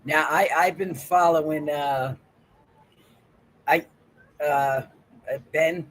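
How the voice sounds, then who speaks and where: Male livestream host: casual, crude, easygoing, slightly raised pitch. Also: fairly even intonation, slow pace, a bit bright, rough recording. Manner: profane, laughing often, bantering.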